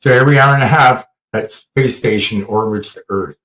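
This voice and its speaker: A man hosting a casual podcast chat, telling fun facts in a crude, joking, animated way. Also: mid-range voice, moderate pace, roomy sound, rough recording. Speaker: podcast host.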